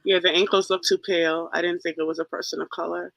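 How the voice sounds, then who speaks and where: A man's voice: high-pitched, little pitch movement, fast, gravelly, bright, forceful tone, no echo, highs cut off. A man co-hosting a talk show, thinking aloud in a loose, rambling way. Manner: thoughtful, rambling. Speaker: co-host. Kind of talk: casual talk show chat.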